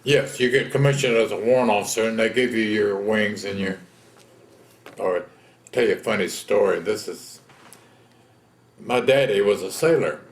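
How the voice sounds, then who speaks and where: A man's voice: fairly low pitch, moderate pace, pauses often, echoey room. A man, telling his own story in a plain-spoken, folksy way in an oral history interview. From Texas. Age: 70s. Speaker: veteran interviewee.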